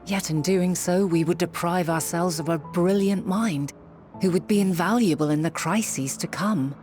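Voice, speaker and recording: An actress playing a wise, motherly ancient leader in a game cutscene, speaking in measured, archaic formal phrasing. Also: lowish voice, darkish tone, natural voice. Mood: grave. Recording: game cutscene with music underneath.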